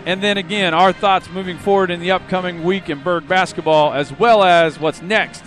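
A man's voice: high-pitched, fairly even intonation, a bit bright, soft background music. A man co-hosting a fan sports podcast, rattling off the segment lineup and cracking playful jokes. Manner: joking, playful, quick with wisecracks. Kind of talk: pregame sports broadcast banter.

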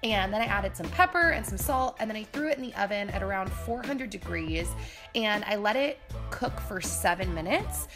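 A woman's voice: medium pitch, expressive, normal speed, over music. A woman vlogger talking in a bubbly, upbeat, chatty way as she walks through a cooking video in her new, mostly empty kitchen. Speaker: lifestyle vlogger. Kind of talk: casual cooking vlog talk.

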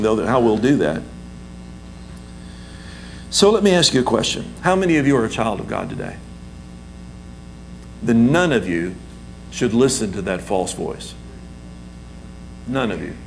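Slow, lively-pitched preaching man. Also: vocal fry, slight background noise, rough recording. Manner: emphatic preaching with repetition and call-and-response. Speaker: pastor. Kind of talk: sermon.

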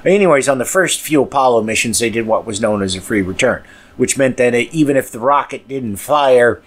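A man's voice: medium pitch, expressive, brisk. A man hosting a podcast, talking in a casual, rambling way with crude language and mumbled asides. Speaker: podcast host.

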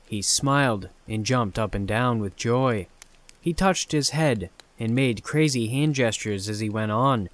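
Guy reading a scary story, calm measured delivery, medium voice. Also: medium pitch. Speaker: horror story narrator. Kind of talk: scripted horror narration.

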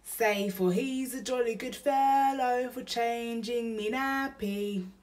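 A woman voicing a rough-talking male burglar who is kindly underneath, drawn out and exclaiming slowly. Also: a little high, darkish tone, recorded from a distance, pitched above the performer's own voice. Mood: coaxing.

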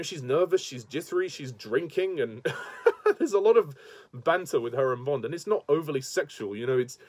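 A man's voice: mid-range voice, dry recording. A man giving a casual, enthusiastic spoken movie review, chatty and laughing often. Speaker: film reviewer.

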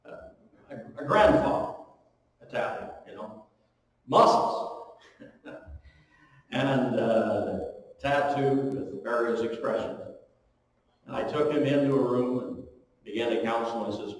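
A pastor preaching in a church hall, his voice carrying with a long, booming echo. He sits at a middle pitch and swings between loud emphatic lines and hushed ones. The mic sits some distance from him. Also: measured pace, long pauses. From eastern Ontario, Canada. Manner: storytelling, animated with strong rises and drops in pitch and volume. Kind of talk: sermon. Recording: echoey hall, recorded from far off.

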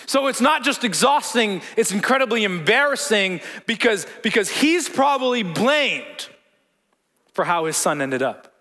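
A man's voice: high-pitched, sing-song, a little slow, bright, forceful tone. A man preaching a sermon as pastor in a church hall, conversational, repeating words and joking with the congregation.

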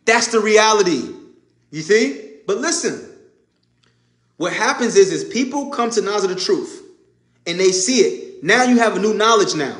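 Man, preacher, emphatic informal sermon, high-pitched, roomy echo. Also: lively intonation, normal speed, a bit bright. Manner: emphatic, repetitive, conversational street preaching. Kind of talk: informal sermon to a live audience.

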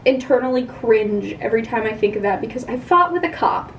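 A young woman rambles through a casual storytime, chatty and self-deprecating. Her voice sits a touch high. The room echoes around her, with faint background hum. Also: brisk, few pauses, distant mic, muffled recording. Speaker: vlogger.

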